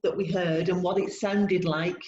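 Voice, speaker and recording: A woman co-hosting a podcast, explaining classroom teaching ideas in a steady, encouraging way. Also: fairly low pitch, a little slow. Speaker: podcast co-host, language teacher. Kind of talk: casual podcast discussion. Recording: echoey room, dull sound, faint noise.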